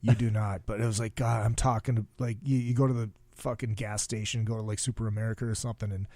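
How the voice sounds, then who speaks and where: A man's voice: on the low side, level tone, fast, few pauses, dark tone, dry recording, studio quality. A man from the upper Midwest hosting a podcast, telling long rambling stories full of swearing. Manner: profane, rambling storyteller. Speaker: podcast host. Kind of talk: casual podcast chat.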